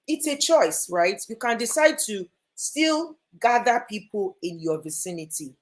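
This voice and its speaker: A woman with a Nigerian accent speaking as an energetic, emphatic guest in an interview. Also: medium pitch, measured pace. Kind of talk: lively interview talk.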